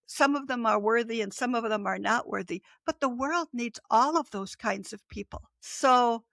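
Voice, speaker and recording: A woman's voice: on the high side, moderate pace, gravelly, fairly bright tone, no echo. A middle-aged woman author in a casual interview, speaking reflectively and laughing often. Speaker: author and guest.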